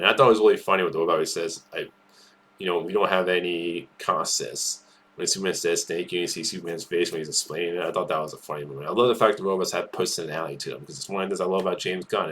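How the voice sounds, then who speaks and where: A man's voice: deep voice, fairly bright tone. A man giving casual solo commentary as a movie news host, enthusiastic and rambling, with many restarts.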